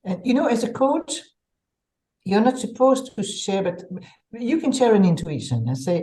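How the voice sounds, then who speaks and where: Warm-voiced woman coach. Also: mid-range voice, normal speed, poor audio. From Belgium. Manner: animated, many repeated words and restarts. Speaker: executive coach. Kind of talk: conversational interview storytelling.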